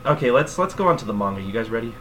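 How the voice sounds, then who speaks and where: A young man hosting a podcast, casually recapping manga chapters, laughing and acting out characters in quick voices. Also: medium pitch, sing-song, noisy background. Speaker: podcast host.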